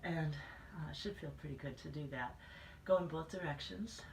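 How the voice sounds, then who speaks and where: A woman fitness instructor talks a class through a plank workout in calm, steady cues and keeps reminding everyone to breathe. Her voice sits a little low. She is picked up from some distance in a roomy, echoing space. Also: normal speed, vocal fry, a little hiss or hum. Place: fitness center room. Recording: echoey room from a distance.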